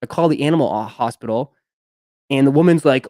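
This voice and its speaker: A man's voice: on the high side, fast talker, a little mellow, no room sound, studio quality. A young man hosting a live stream, chatting casually and telling a long rambling story with lots of fillers. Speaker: sneaker live stream host.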